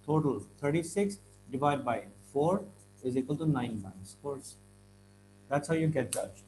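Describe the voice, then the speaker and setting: Brief: man from India, fairly high voice, patient teacher who clears his throat a lot, faint hum behind. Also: dark tone, rough recording. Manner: repeats "right?" often, clears throat, stresses words slowly. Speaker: IELTS teacher. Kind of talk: classroom-style explanation.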